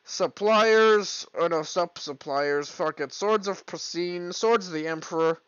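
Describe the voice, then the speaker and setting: A young man hosts a solo stream from his room, cursing freely as he rambles. His voice sits high, and the recording is dull and lo-fi. The sound is dry, with no room echo. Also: normal speed, smooth. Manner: profane, rambling, bursts into exasperated yelling. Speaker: podcast host. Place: home room, alone. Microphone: streaming mic, leaning back from it.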